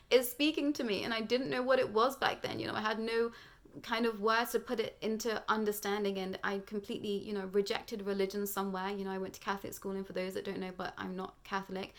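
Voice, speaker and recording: A woman's voice: mid-range voice, level tone, quick pace. A young British woman giving a rambling, earnest spiritual monologue on her channel, full of fillers and restarts.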